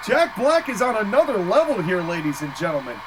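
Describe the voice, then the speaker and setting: Excitable male play-by-play caller with a bouncy, animated delivery, recorded with a lot of background noise. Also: sits high. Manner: excitable, quick to laugh, exclaims at big moves. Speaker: play-by-play commentator. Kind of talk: casual play-by-play commentary.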